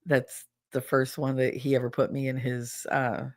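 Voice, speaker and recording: A woman hosting a podcast in casual solo chat, animated, laughing often and swearing freely. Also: rumbling low, moderate pace. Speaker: podcast host.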